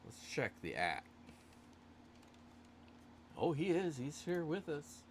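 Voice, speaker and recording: A man with a slightly high voice hosts a casual live stream giveaway, very animated yet taking it slowly. He rambles loosely and makes fun of himself, over a faint hiss or hum.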